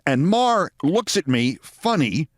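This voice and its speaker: Lively storytelling man, dry studio sound. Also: on the high side, measured pace, no room sound. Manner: animated anecdote with acted quotes. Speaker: host. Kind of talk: storytelling monologue.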